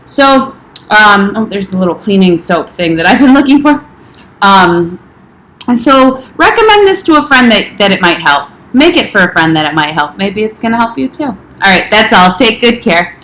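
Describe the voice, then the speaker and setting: A woman's voice: mid-range voice, big pitch swings, moderate pace, a bit bright, echoey room, rough recording. A young adult woman health coach chatting casually in a home kitchen, rambling a little and talking with her mouth full. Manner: chatty, rambling, talks while eating. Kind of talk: casual vlog chat.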